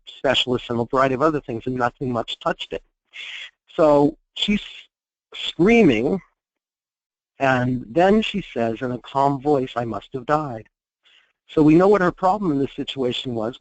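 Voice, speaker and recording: A man at a conference recounts a client's session in a measured, explanatory voice at a middling pitch. He leans on small fillers as he goes. The recording is dull and dry, with little room sound. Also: no echo. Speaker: therapist presenting a case. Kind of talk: conference talk, case storytelling.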